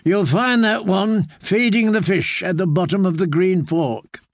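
A man's voice: high voice, a little slow, no echo, studio quality, voice pushed up. A man voicing a resentful young nobleman grieving his father in an audiobook. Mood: bitter. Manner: accusing, resentful. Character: bitter, grieving young male noble heir.

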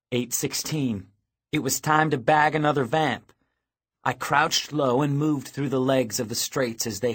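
Guy reading a first-person audiobook, lively, middle-pitched, gets loud on the shouty bits. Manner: lively reading, voices shouted game cries. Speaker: audiobook narrator.

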